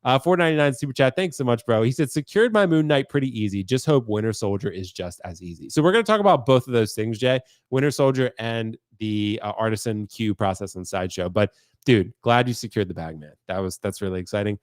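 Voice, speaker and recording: A man hosting a casual collectors' chat, excited and chatty, sounding congested from a cold. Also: fairly low pitch, fast talker, no echo, studio quality. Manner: excited, chatty, says dude a lot. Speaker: host.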